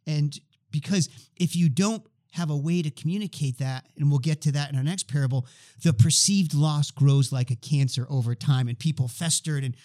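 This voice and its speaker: A man's voice: fairly high pitch, moderate pace. A man in his fifties, a guest expert, telling stories in conversation and acting out the dialogue. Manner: animated, acts out dialogue in stories. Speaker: guest expert on healthcare change. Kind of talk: conversational storytelling.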